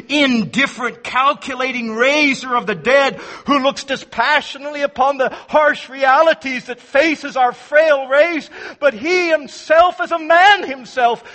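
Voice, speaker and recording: A man preaching a sermon with dramatic swings between loud emphasis and hushed, low phrases. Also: in a large hall.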